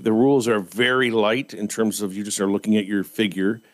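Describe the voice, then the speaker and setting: A man co-hosting a podcast in casual chat, telling game anecdotes with lively energy and frequent laughter. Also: lowish voice, a little fast. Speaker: podcast co-host.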